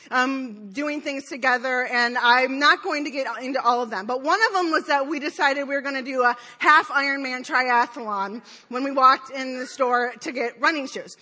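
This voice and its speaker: Woman preacher, high voice, bright tone, rambling storytelling, self-deprecating, lots of fillers. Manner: self-deprecating, laughing at herself. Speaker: speaker at church. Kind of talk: conversational sermon with personal story.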